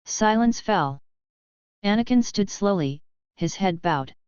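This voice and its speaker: A woman's voice: medium pitch, animated, slow, long pauses, darkish tone, smooth, no room sound. A woman narrating a fan fiction story in a dramatic storytelling manner, on a dull lo-fi recording. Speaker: story reader.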